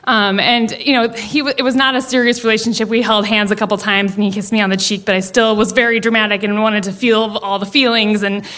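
A young woman telling a personal story at a live story slam, animated and laughing as she acts out the voices of the people in it. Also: medium pitch, fairly quick, few pauses. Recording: live event with audience and some noise. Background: audience.

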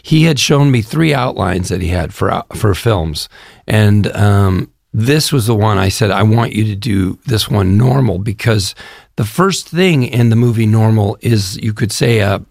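A man's voice: on the low side, animated, unhurried, creaky, a little mellow, dry recording, clean studio sound. An older man from the Chicago area, an actor talking eagerly and at length in an interview. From Chicago area, US Midwest. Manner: enthusiastic, rambling storyteller. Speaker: actor guest. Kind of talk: promotional interview.

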